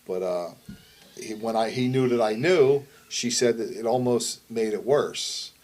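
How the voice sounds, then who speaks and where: A man's voice: mid-range voice, a little slow, darkish tone. A middle-aged man, a wrestler and promoter, telling a story in a shoot interview. He speaks bluntly, swears constantly and rambles. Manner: blunt, heavily profane, rambling.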